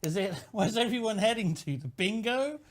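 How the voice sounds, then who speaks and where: A man's voice: high-pitched, lively intonation, moderate pace. A man co-hosting a podcast in casual chat, teasing and cutting in with sweary jokes. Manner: teasing, laughing interruptions, sweary. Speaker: podcast co-host.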